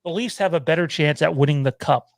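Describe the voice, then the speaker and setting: Host, male, upbeat teasing patter, slightly high voice, dry close sound, video call. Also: quick pace, no echo. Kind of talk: casual live show chat.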